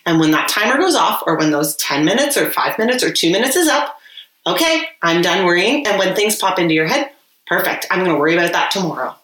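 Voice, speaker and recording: A woman's voice: fairly low pitch, expressive, fast, a bit bright, reverberant, poor audio. A woman co-hosting a podcast, chatting casually and animatedly, laughing often. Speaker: podcast co-host. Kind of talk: casual chat.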